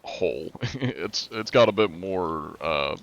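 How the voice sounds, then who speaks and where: A man with a very low, slightly raspy voice chats casually on a live stream, talking in a flat monotone. His speech leans heavily on filler words. The audio sounds a little dull and lo-fi. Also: slow. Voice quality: raspy-ish, not smooth.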